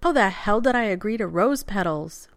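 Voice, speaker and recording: A woman's voice: mid-range voice, expressive, normal speed, no echo, natural voice. A woman reading fan fiction aloud, voicing a nervous, exasperated male groom who whines and swears. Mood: flustered. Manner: whiny, profane, flustered outbursts.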